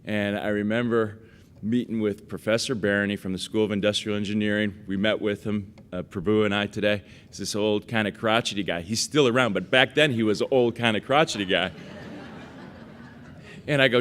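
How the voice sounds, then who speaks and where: A man's voice: on the low side, steady tone, normal speed, fairly bright tone, slight background noise. Man telling stories in an acceptance speech. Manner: storytelling, self-deprecating, with fillers and voiced quotes. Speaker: award recipient giving acceptance speech. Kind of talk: casual anecdotal acceptance speech.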